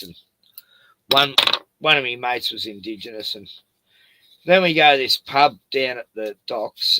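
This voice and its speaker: A man's voice: medium pitch, sharp tone, no echo, poor audio. Profane Australian man spinning yarns. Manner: profane, rambling anecdotes with laughs. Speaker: streamer. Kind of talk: casual chat.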